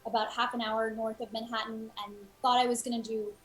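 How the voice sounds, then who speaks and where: A woman from Los Angeles with a slightly raised pitch. She sounds enthusiastic and thankful as she recounts her path into the work. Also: level tone, a little fast, poor audio. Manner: warm, grateful, enthusiastic. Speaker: voice actor. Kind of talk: casual panel chat.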